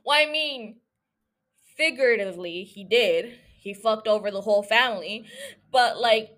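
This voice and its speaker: A woman's voice: on the high side, moderate pace, fairly bright tone. A young woman hosting a podcast alone, rambling through a profane, giggly rant that jumps from one thought to the next. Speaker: solo podcast host.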